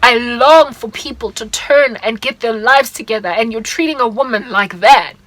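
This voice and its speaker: A young woman with a South African accent speaks in a slightly high voice, earnest and confiding as she tells a personal story. The sound is close and dry, with little room in it. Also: moderate pace, fairly bright tone, no room sound, rough recording. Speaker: vlogger. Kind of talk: personal testimony vlog.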